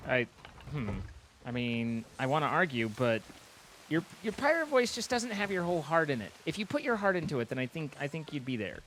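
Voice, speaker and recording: A man's voice: fairly high pitch, very animated, brisk, fairly bright tone, a little hiss or hum. A man streaming a game, bantering and telling stories in a teasing, playful way. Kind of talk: casual gaming banter.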